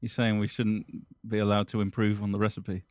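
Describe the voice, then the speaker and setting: Deadpan male co-host, low voice. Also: brisk, no room sound. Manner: deadpan, dry quips. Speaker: podcast co-host. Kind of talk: casual comedic chat.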